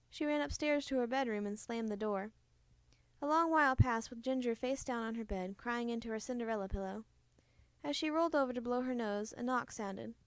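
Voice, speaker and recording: A woman with a high, light voice reads a children's storybook aloud, gentle and expressive. Her voice sounds close and dry, with no echo. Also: fairly quick, clear, resonant tone. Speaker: storybook reader. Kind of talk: reading a children's book aloud.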